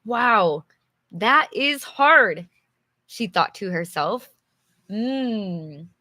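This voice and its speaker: A woman's voice: medium pitch, expressive, drawn-out words, sharp tone, dry recording. A young woman teaching English, reading a storybook aloud and chatting with viewers, laughing often. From English-speaking country. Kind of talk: live English reading lesson with chat.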